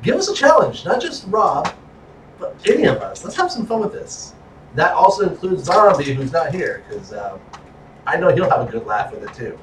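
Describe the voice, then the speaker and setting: A man hosting a casual wrestling podcast, joking and animated. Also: moderate pace, a little hiss or hum. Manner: animated, joking, pitch jumping around. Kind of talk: casual chat. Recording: echoey room, mic at a distance.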